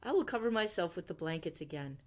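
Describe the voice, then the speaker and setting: A woman voicing a silly, well-meaning male owl from a children's storybook, fussing and exclaiming with lively ups and downs. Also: fairly low pitch, quick pace, lightly acted. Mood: alarmed. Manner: exclaims in rising alarm, fussy.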